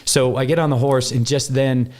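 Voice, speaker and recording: Animated man telling a story. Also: moderate pace. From Wyoming. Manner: animated, acts out quoted voices with big pitch jumps. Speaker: guest. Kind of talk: casual storytelling.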